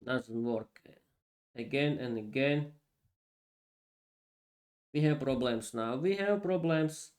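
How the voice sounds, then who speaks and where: Slow-talking man. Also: medium pitch, a little mellow. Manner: halting, laughs often, restarts sentences. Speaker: English teacher and podcast host. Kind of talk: casual live-stream lesson.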